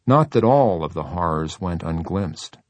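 A man reading a novel aloud in steady, measured narration. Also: low voice, dry recording. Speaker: audiobook narrator. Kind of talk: scripted narration.

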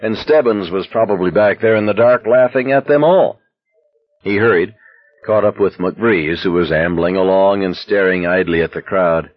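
Deep-voiced male audiobook narrator. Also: normal speed, no echo, lo-fi sound. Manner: expressive, dramatic reading.

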